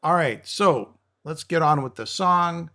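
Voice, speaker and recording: Man with a slightly high voice talking music. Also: a little slow, sharp tone. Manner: enthusiastic, explains the music, stammers at times. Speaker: co-host of a metal music show. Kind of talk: casual music review chat.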